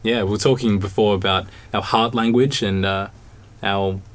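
A man, hosting a podcast in a relaxed, joking, chatty way. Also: lowish voice, normal speed. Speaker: podcast host. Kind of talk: casual chat.

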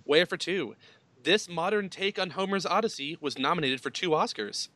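Bright-voiced male quiz host. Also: on the high side, lively intonation, normal speed, dry recording. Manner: explains rules with frequent laughs. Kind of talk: playful game-show hosting.

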